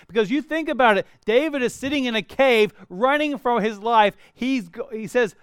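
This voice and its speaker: A man preaching a sermon earnestly, moving between lively emphasis and quiet, reflective passages. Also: extremely high pitch, moderate pace, few pauses, smooth, no room sound, clean studio sound.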